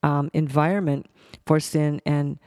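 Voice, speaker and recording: A Bible teacher reads verses aloud and teaches conversationally, halting often with restarts and fillers as he stumbles and circles back. His gravelly, fry-edged voice is a little high for a man and a little mellow, with a flat delivery. The sound is dry and close, with no room echo.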